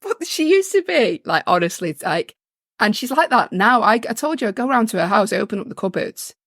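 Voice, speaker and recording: A woman's voice: fairly high pitch, sing-song, brisk, a bit bright, no room sound. Chatty woman, dry close mic. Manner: chatty, self-mocking storyteller who laughs a lot. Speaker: podcast co-host. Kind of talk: casual chat.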